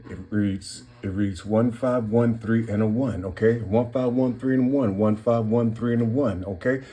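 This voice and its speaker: A channel host from Cincinnati, Ohio, delivers a casual monologue about hidden codes in words, repeating himself and circling back on phrases while preaching directly to his listeners. His voice is fairly low, steady and mellow, at a normal speed.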